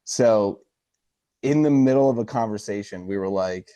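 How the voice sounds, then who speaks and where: A man's voice: mid-range voice, normal speed, warm tone, dry recording. A man in his thirties co-hosting a podcast, telling rambling anecdotes in an easygoing way. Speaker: podcast co-host. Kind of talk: casual chat.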